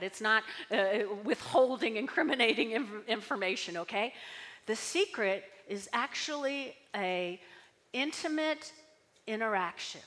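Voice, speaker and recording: A woman pastor preaching a sermon, animated and full of call-and-response, often checking in with "okay?". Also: mid-range voice, long reverb tail. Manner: animated, repeating key words, frequent "okay?".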